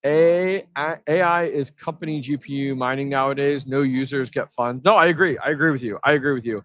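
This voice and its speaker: A man hosting a live stream from an event floor, chatting casually and answering his chat with energy. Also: medium pitch. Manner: energetic, reads chat aloud, quick asides.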